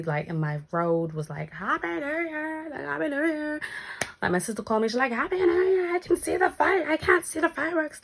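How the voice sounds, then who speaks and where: A young woman telling a casual storytime vlog, acting out the voices in her story and swearing freely. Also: on the low side. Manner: animated, acts out quoted lines, swears casually. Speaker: storytime vlogger.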